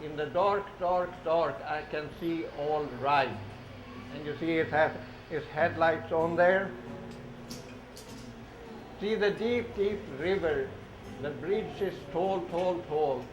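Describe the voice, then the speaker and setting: A man's voice: fairly high pitch, slow pace. A man reading children's train picture books aloud in a sing-song way, repeating words and getting kids to say the train sounds along with him. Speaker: storybook reader for children. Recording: echoey room, dull lo-fi sound with noise.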